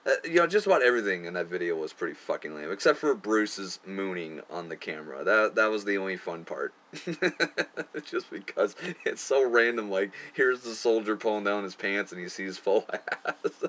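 A man's voice: on the low side, sing-song, moderate pace, a bit bright. A young man casually looking back on his amateur film, crude and profane, often laughing at himself. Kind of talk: casual commentary.

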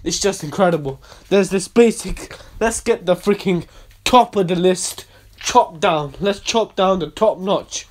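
A man delivering a ranting monologue to camera, emphatic and repetitive, swinging between quiet and loud. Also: sits high, measured pace. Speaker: video blogger.

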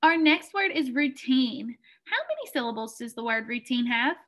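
A woman teaching a phonics lesson to young children, encouraging and clear as she sounds out words slowly. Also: high-pitched, expressive, fairly bright tone. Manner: encouraging, clear, slow word-by-word.

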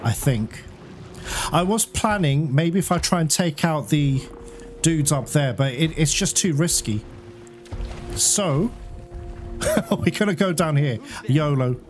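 A young man commenting on his gameplay, excitable and panicky, swearing often. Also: on the high side, a little slow, pauses often. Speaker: gaming channel host. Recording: game music loud behind the voice.

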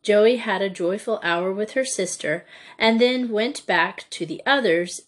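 Slow, measured woman narrating a story. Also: mid-range voice. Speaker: audiobook narrator. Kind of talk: scripted narration of a children's novel.

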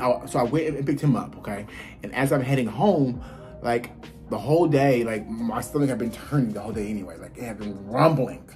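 A man telling a casual story to his viewers, animated and blunt, swearing freely and talking straight to them. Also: mid-range voice. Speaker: vlogger. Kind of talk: casual story time while eating.

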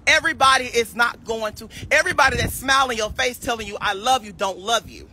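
A man's voice: very high-pitched, brisk, pushed and bright, soft background music. A young man on a casual livestream, delivering a sassy, preachy clapback rant.

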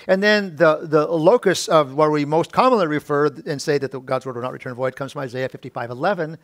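A middle-aged male pastor giving a sermon, often restarting his words and rising loud and high on key points. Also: brisk, no echo, studio quality. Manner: preaching with many restarts and repeated words; rises to a loud high pitch when stressing points.

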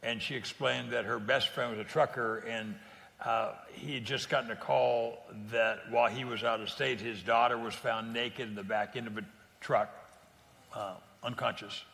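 A man from California talks through stories as a guest in a casual interview, speaking plainly and earnestly and often restarting his sentences. His voice sits in a middle range with a gravelly edge. A long reverb trails each phrase. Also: mid-range voice, fairly even intonation, moderate pace, fairly bright tone. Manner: earnest, plain-spoken storytelling with frequent restarts. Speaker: guest evangelist.

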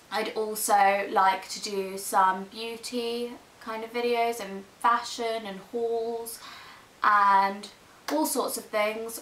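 An eighteen-year-old woman from South East England chats to her camera, rambling and giggly. Her voice is bright and a little high. The built-in camera mic picks her up in an echoey room with faint music behind her. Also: slight background noise. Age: teens. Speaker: vlogger. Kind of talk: casual chat to camera.

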